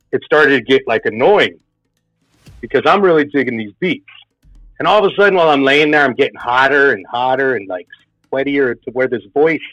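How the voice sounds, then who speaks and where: A man's voice: medium pitch, fairly bright tone, dry recording. A man telling a personal spooky story in a casual, rambling way, full of filler words. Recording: dull lo-fi sound with faint music.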